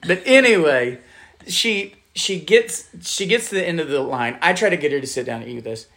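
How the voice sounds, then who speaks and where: A man's voice: a little high, fairly quick. A middle-aged man, a pastor, casually telling a story in conversation, animatedly acting out quoted voices. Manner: animated storyteller, acts out quotes, laughs often.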